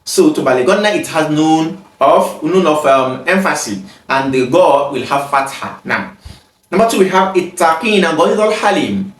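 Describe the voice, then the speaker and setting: A man teaching grammar, reading example sentences, translating them and explaining step by step with frequent pauses. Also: on the high side, lively intonation, far from the mic. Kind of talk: explaining exercises in a grammar lesson. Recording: echoey room, mic set back.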